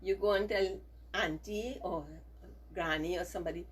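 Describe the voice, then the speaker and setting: A woman teacher giving a slow, emphatic values lesson to children, often checking in with them and having them repeat phrases after her. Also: on the low side, steady tone, a little hiss or hum. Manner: frequent checking "right?".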